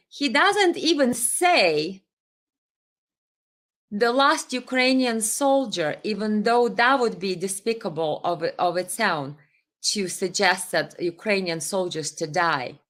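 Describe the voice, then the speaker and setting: A medium-pitched woman hosts a political commentary livestream, speaking with passion and indignation. She hesitates and restarts often, and reads viewer comments out loud.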